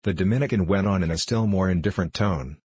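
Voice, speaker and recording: A man narrating an audiobook in a measured, even reading. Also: deep voice, husky. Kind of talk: scripted narration.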